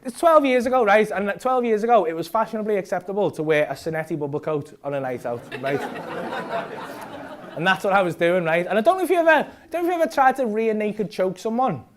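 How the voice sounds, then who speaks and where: A man's voice: high voice, expressive, fairly quick, noisy background. A man doing stand-up, retelling a night out in a rambling, sweary style and ending lines with "right?". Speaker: stand-up comedian. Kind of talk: stand-up storytelling. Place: comedy club stage. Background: audience laughter.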